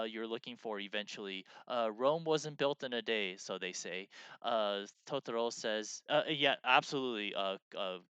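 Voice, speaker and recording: Smooth-voiced rambling man chatting. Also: medium pitch, a bit bright, no echo, dull audio. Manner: rambling, many fillers and restarts. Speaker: co-host of a game design stream. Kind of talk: casual chat, reading out chat messages.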